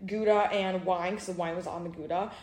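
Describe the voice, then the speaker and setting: A woman's voice: fairly low pitch, brisk. A young adult woman co-hosting a podcast, telling a story in casual chat and acting out what people said. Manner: lively storytelling, acting out quotes. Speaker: podcast co-host. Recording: roomy echo.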